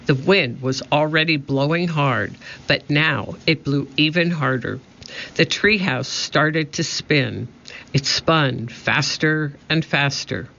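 Man, children's storybook narrator, slow, bright, muffled. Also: a little high, creaky. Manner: steady, expressive reading. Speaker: audiobook narrator. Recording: muffled lo-fi audio.

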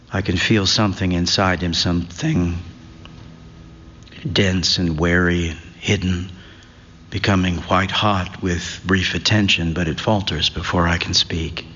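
Guy reading a literary story slow and thoughtful, muffled audio with long echo. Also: low-pitched, sharp tone, slight background noise. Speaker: narrator. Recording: dull recording with long reverb.

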